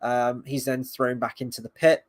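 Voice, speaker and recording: A man's voice: mid-range voice, level tone, moderate pace, no room sound. Sarcastic, rambling male reviewer. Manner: rambling, sarcastic, swears, mocks scenes in quoted voices. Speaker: video reviewer. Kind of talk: casual spoken review.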